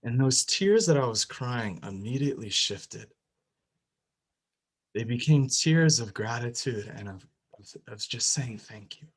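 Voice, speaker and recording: A man's voice: medium pitch, expressive, a little slow, husky, low-quality recording. Young man telling an emotional faith testimony. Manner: emotional storytelling, rising and louder at the climax, many restarts. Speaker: speaker sharing a personal faith testimony. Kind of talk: personal testimony talk.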